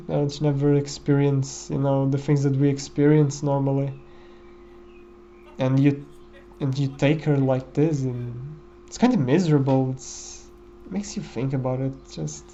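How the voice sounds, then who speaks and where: Slow, mellow-voiced man musing over gameplay. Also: medium pitch, dull audio, slight background noise. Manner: reflective, musing, often says "you know". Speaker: gameplay commentator. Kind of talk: casual gameplay commentary.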